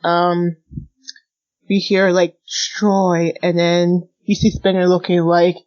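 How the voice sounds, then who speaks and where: A woman's voice: fairly low pitch, little pitch movement, slow pace, darkish tone. A woman guest on a podcast in casual chat, walking through scenes step by step and voicing the characters' lines. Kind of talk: casual chat retelling a manga chapter. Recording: dull lo-fi podcast audio.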